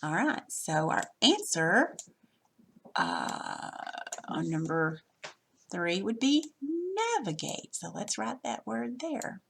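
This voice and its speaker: A woman's voice: mid-range voice, wildly swooping pitch, takes it slowly, gravelly, a bit bright, slight background noise. A woman teacher patiently walking through a worksheet lesson step by step, recorded over her screen.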